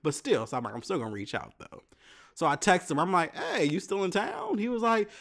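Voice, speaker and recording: A man hosting his own podcast, telling a frank personal story in casual monologue. His pitch jumps all over as he acts out both sides of each conversation, salty and unfiltered. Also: a little fast, creaky. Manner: candid, profane, animated retelling with quoted dialogue. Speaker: podcast host.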